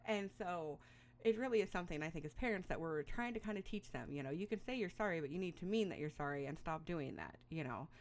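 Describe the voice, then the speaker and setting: Woman, middle-aged, low-pitched voice, chatty, rambling, casual advice talk, lots of fillers. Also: lively intonation, quick pace. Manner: rambling, chatty, with frequent fillers and little laughs. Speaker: parenting advice host.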